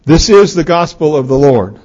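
Animated male pastor preaching. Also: a little high, moderate pace. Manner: expressive storytelling, voices the characters. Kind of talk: sermon with scripture reading. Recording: dull lo-fi recording.

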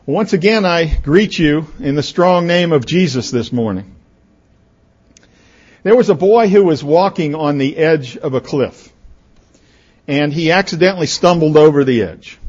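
A male pastor reading scripture and preaching a sermon, telling stories expressively and acting out the characters' lines. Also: on the high side. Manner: expressive storytelling, voices the characters. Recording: dull lo-fi recording.

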